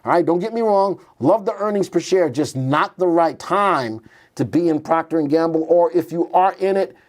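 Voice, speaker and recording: A man's voice: fairly high pitch, lively intonation, moderate pace. A man hosting a stock market show, chatty and thinking aloud as he types in tickers and reads charts live.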